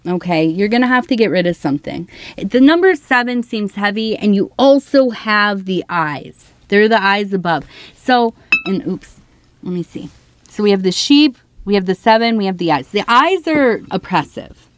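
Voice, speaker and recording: A woman's voice: mid-range voice, expressive, normal speed, no room sound. A woman doing a tea leaf reading for her viewers, talking in an earnest, heartfelt way. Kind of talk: casual spoken reading to viewers.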